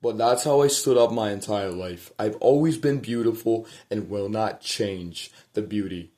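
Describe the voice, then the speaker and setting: In an unhurried, low and mellow voice, a vlogger recounts a personal story to the camera at home at night. He swears and wanders, starts sentences over, and occasionally sinks into a murmur.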